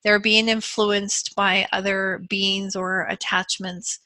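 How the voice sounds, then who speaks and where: A woman who works as a soul regression practitioner, talking earnestly and gently to her viewers with frequent fillers. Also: mid-range voice, level tone, slow, no room sound. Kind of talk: casual talk to camera.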